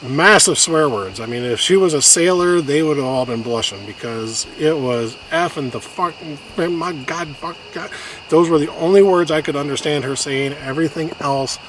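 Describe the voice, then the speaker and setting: A man's voice: fairly high pitch, a bit bright. Man choking up telling a story outdoors. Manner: halting, many restarts, gets choked up. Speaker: vlogger telling a personal story. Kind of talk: emotional personal storytelling. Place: outdoors on a hiking trail. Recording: noisy outdoor recording.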